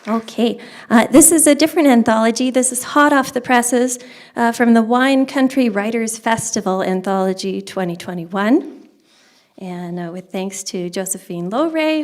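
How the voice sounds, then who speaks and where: A woman poet giving a poetry reading at a book launch, with quick, chatty asides between poems. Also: fairly high pitch. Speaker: poet reading her work.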